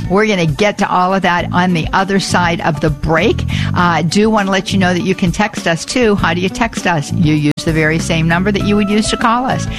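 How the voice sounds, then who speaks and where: A woman's voice: fairly low pitch, no room sound. Chatty woman hosting call-in radio. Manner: chatty and animated, spells out words and repeats phone numbers. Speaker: radio call-in show host. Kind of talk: live call-in radio talk.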